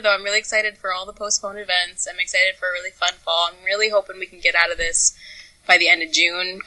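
Bright-voiced young woman, casual podcast chat. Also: low-quality recording. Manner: animated, quotes herself in high voices, profane. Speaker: podcast co-host.

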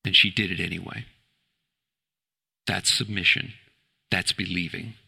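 Man, pastor, sermon, church, bright tense voice, rhetorical questions, emphatic. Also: sits low, steady tone, measured pace, gravelly, slightly rough.

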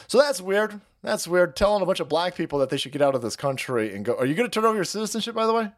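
A man's voice: high-pitched, animated, quick pace. A man hosting a livestream, ranting in profane, sarcastic commentary and laughing between his lines. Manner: sarcastic, swears constantly, laughs mid-sentence. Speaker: livestream host.

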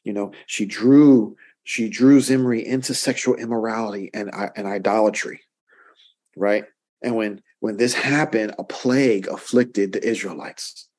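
Man, pastor, Bible teaching, lowish voice, conversational, repetitive emphasis. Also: steady tone, measured pace, a little mellow. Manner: conversational, checks in with "right?" and stacks emphatic repeats.

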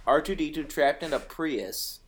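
A man co-hosting a casual podcast over a video call, joking slowly with his friends. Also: a little high. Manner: slow, joking, animated. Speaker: podcast co-host. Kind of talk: casual chat.

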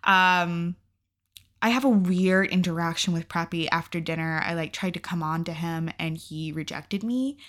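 A woman's voice: fairly low pitch, normal speed, a bit bright. A young adult woman vlogger telling a personal story in a casual, candid way, swearing freely and filling her talk with "like.". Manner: candid and profane, with frequent "like" and laughs.

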